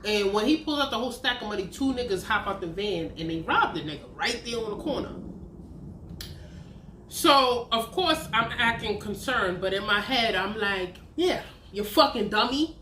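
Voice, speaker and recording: A woman's voice: mid-range voice, animated, moderate pace, bright, forceful tone, slight background noise. A woman, telling a candid, profane personal story on her vlog. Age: 30s. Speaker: vlogger. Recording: roomy echo.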